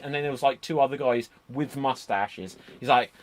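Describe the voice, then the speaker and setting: A man's voice: medium pitch, normal speed. A man hosting a casual chat, rambling into enthusiastic tangents, speaking into a computer microphone on a remote call. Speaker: podcast host.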